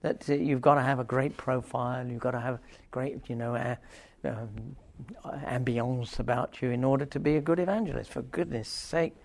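An older man teaching a Bible passage informally, rambling with wry asides and reading the scripture aloud forcefully. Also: mid-range voice, moderate pace, creaky, few pauses.

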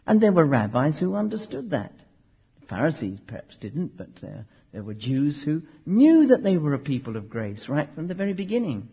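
A man's voice: a little high, very animated, moderate pace, gravelly, breathy edge. A man preaching a teaching sermon, emphatic and conversational, with asides to his listeners. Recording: muffled hall recording with long reverb.

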